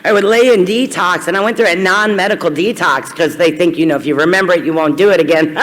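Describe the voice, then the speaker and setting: A middle-aged woman from Kentucky talks quickly in a lowish voice, giving personal testimony to a crowd at a recovery meeting. Frank and blunt, she makes fun of herself, and her words echo for a long time around the reverberant hall.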